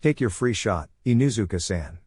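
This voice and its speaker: A man reading the lines of a calm, cold teenage ninja boy with a deadpan delivery. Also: lowish voice, moderate pace, husky, no echo, studio quality. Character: calm, menacing masked teen boy ninja.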